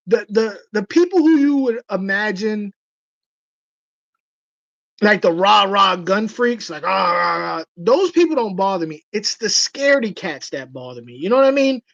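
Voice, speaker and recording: A woman hosting a casual livestream chat, telling stories with animated delivery and acting out the voices of people she quotes. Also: mid-range voice, moderate pace, dry recording, highs cut off. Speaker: livestream host.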